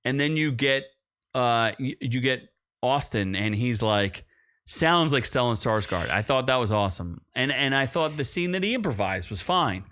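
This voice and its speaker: A man's voice: mid-range voice, moderate pace. A young man co-hosting a podcast, chatting casually about a film, rambling and cutting himself off mid-sentence. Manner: rambling, self-interrupting, animated when excited. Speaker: podcast co-host. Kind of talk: casual movie review chat.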